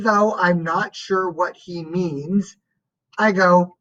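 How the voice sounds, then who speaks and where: A woman reading a first-person story aloud as an audiobook narrator, in a slow and expressive way. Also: lowish voice, highs cut off.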